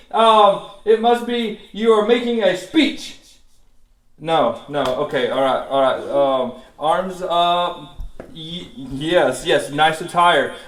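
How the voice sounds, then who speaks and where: Man, kids' bible teacher, playful and excitable, high-pitched, roomy echo. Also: measured pace. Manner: excited, goofy, lots of laughing and exclamations. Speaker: children's class teacher. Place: church classroom.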